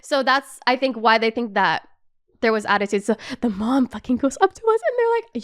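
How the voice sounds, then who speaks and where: A young woman with a high, smooth voice tells a travel story in a casual, animated way. She swears freely and fills her talk with "like" as she hosts her own chat show. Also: a little fast. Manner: animated, swears a lot, says "like" constantly. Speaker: podcast host.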